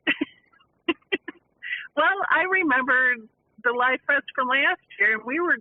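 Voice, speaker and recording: A woman phones in to a live show and chats in a folksy, easygoing way, laughing often. Her voice is high and comes through a thin, tinny phone line. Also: expressive, measured pace, no room sound. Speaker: caller. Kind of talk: casual phone-in chat. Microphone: telephone.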